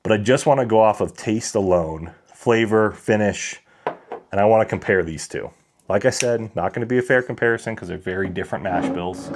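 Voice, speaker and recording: Chatty man hosting a whiskey livestream. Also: lowish voice. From Colorado. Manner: chatty, animated, reads viewer comments aloud. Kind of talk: casual livestream chat.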